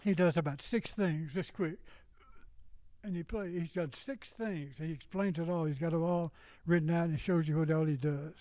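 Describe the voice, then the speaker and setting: A man's voice: a little high, normal speed, mellow, no room sound, poor audio. An older man with a Southern US accent, a music teacher rambling informally to fellow educators and singing rhythm syllables to demonstrate.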